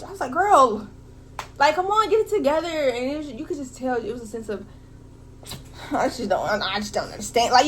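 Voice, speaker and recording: An animated young woman talks through a film recap in loose, slangy vlog speech, leaning on "like" and "bro" as she goes. Her voice sits a little on the higher side, and she sounds fired up and heartfelt the whole way through. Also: slight background noise. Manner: animated, slangy, emotional talk full of "like" and "bro". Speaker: vlogger reviewing a film.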